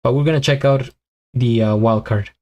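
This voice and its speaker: A man hosts a live stream, reacting and chatting loosely with his viewers. He thinks out loud, restarting sentences and filling gaps with "uh" and "like". His mid-range voice sounds a little worn and weakening. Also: mid-range voice, fairly even intonation, moderate pace. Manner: rambling, thinks aloud with many fillers and restarts. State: voice tiring and weakening.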